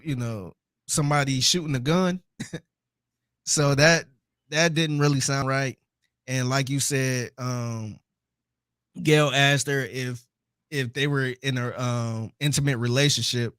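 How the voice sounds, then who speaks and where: A man's voice: medium pitch, clear, resonant tone, dry recording. A man co-hosting a podcast who talks animatedly and chuckles between his points. His voice sits mid-range and the sound is dry and close, with no room around it. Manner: animated storytelling, laughs between points, repeats himself. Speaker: podcast co-host. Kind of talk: casual podcast chat.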